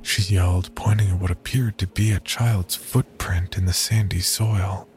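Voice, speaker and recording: A man reads a horror story in a very low voice that barely moves in pitch. His delivery is slow, measured and somber, with faint music playing underneath. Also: fairly even intonation, a little mellow. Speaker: narrator. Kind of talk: scripted horror story narration.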